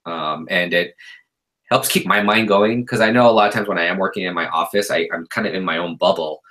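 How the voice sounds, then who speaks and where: Chatty man with a bright, forceful voice. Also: low voice, fairly quick, low-quality recording. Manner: relaxed, chatty storyteller with many fillers. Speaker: guest artist. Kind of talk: casual podcast chat.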